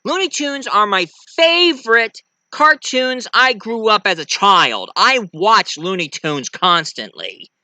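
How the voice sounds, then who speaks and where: A young man rambles through a casual movie review, flaring up excitedly now and then. His pitch swings widely, and his tone is very bright. The sound is close and dry. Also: slow pace, hardly any pauses, dry recording.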